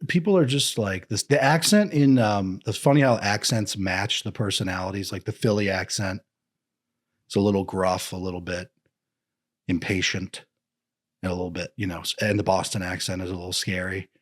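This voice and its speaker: A man's voice: sits low, moderate pace. A man chatting as a podcast guest, joking and slipping into comic voices. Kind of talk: casual podcast chat.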